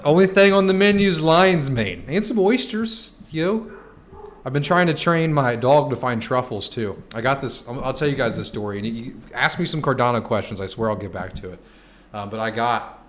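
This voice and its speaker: Speaking in a lowish voice over a little hiss or hum, a twenty-something man streams casually. He fields chat questions with jokes and free swearing, occasionally shouting.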